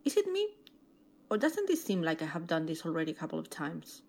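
A woman from Spain records a cheerful birthday greeting for a podcast as a fan. Her pitch moves a lot, and her voice has a husky grain. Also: huge pitch swings, fairly quick, a little mellow. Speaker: listener sending a message.

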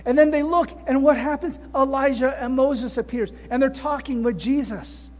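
A man's voice: extremely high pitch, moderate pace, in a large hall. A male pastor preaching a sermon, telling the story with animation and asking rhetorical questions.

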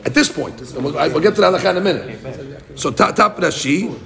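A man teaching a lively Talmud class, quick and animated, acting out the story's voices. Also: fairly high pitch, vocal fry, a crowd in the background.

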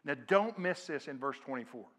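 A middle-aged man preaching a sermon as pastor, earnest, growing louder when he quotes scripture. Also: mid-range voice, animated, moderate pace. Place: church sanctuary.

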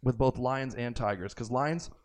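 Male podcast guest, casual and profane, animated storyteller. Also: mid-range voice, moderate pace. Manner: swears freely, excitable and jokey.

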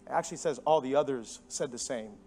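A man preaching a sermon as a pastor into a microphone in a church, animated and emphatic, swinging between loud stresses and hushed, soft passages. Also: medium pitch, fast. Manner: animated storytelling with sudden drops to hushed tones.

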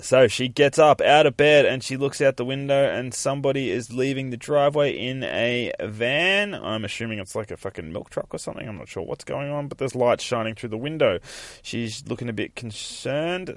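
A man's voice: mid-range voice, animated, normal speed, dry recording, studio quality. A man hosting a comic book podcast, casually describing panels aloud with plenty of swearing and offhand remarks. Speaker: podcast host.

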